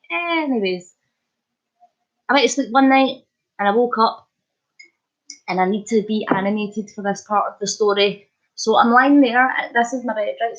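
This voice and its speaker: A Scottish woman chats on her live stream in a slightly high voice, playful and animated as she answers comments and spins a story. The audio is dull and lo-fi, like a cheap stream mic. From Scotland. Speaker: livestream host. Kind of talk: casual live-stream chat.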